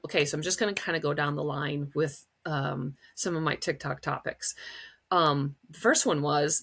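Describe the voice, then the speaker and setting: Woman, middle-aged, from Wisconsin, podcast host; low, gravelly voice; casual, rambling storyteller. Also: a bit bright. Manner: chatty, storytelling, many fillers, acts out quotes in a high voice. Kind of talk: casual solo podcast chat.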